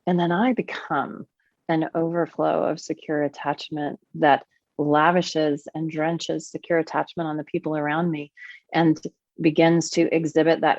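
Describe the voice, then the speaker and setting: A woman speaking as a podcast guest and teacher, animated and expressive, her voice swinging widely in pitch as she explains her ideas. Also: no echo, highs cut off. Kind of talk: conversational podcast interview.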